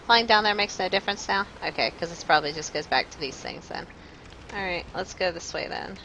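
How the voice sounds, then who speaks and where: A woman streaming live gameplay, talking to her chat in a jumpy, nervous way with quick laughs. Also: fairly low pitch, sharp tone, a little hiss or hum, poor audio. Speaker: game streamer.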